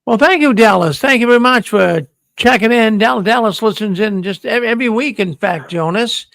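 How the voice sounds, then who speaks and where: A man's voice: high voice, moderate pace, vocal fry, a bit bright, no room sound. A man with a Boston accent hosting a call-in show, talking in a friendly, repetitive way with frequent stammering restarts. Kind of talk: casual call-in show chat.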